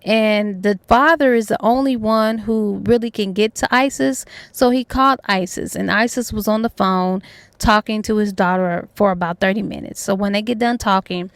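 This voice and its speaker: A woman's voice: medium pitch, moderate pace, dry recording. A young adult woman retelling a novel's plot in a casual, colloquial way as a book reviewer. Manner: chatty, colloquial, acts out characters' lines.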